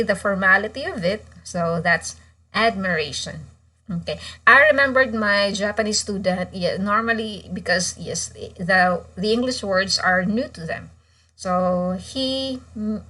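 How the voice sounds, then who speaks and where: A woman teacher giving an online class lecture, explaining step by step and often pausing with "okay". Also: mid-range voice, a bit bright, recorded from a distance, rough recording. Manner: frequent "okay" fillers and restarts, explanatory.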